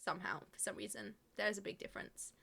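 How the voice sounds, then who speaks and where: Bright, chatty woman streamer. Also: medium pitch, fast, gravelly, breathy edge. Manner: chatty, swears freely, laughs often. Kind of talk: casual live-stream chat.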